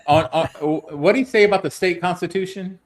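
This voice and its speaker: A man's voice: high voice, brisk. A man co-hosting a casual chat, tossing in sarcastic asides.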